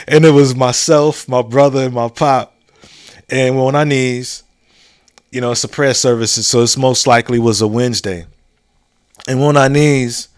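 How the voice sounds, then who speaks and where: A man's voice: mid-range voice, moderate pace, no room sound. Dry-sounding man telling a laid-back story. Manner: loose, conversational, with many fillers and restarts; chuckles while telling a funny memory. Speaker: podcast host. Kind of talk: casual storytelling monologue.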